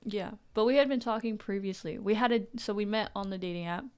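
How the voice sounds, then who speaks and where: Smooth-voiced young woman, chatty guest. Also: mid-range voice, fast talker. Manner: chatty, laughs often, filler-heavy. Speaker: podcast guest. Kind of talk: casual interview talk.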